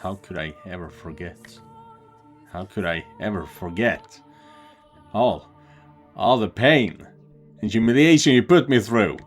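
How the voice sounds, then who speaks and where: A man reading the lines of a tortured young woman from a game, shouting with rising fury. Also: low-pitched, level tone, normal speed, few pauses, soft background music, natural voice. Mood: bitter rage. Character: tortured young woman saint, enraged and vengeful.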